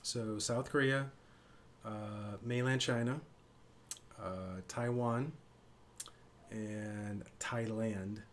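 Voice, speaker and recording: A man's voice: fairly low pitch, steady tone, very slow, pauses often, slight background noise. A man who teaches math, a shy, hesitant guest chatting on a casual live stream. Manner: hesitant, shy, many "uh" fillers.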